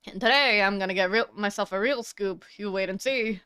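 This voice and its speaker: A woman doing a loud, pushy southern gal photographer, all folksy swagger, her put-on drawl crisp and smooth against a dry, close sound with no room echo. She barrels through her lines with eager bluster, as if reading the game's dialogue aloud. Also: mid-range voice, brisk, lightly acted. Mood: brash. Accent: put-on American Southern. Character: brash southern female paranormal photographer.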